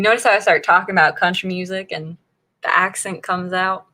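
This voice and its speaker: Speaking at a moderate pace with a fairly low pitch and sharp tone, a woman from Northern Virginia, USA chats casually with viewers during her writing-sprint livestream. She laughs often as she reacts to the chat.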